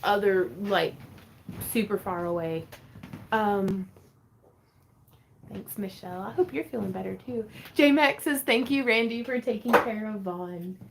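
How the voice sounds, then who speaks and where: A woman hosting a relaxed craft livestream from home, rambling in a chatty way and laughing often. She reads viewers' comments aloud and answers each one in an easygoing tone. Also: mid-range voice, a little slow, creaky, pauses often, a little hiss or hum. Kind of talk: casual livestream chat.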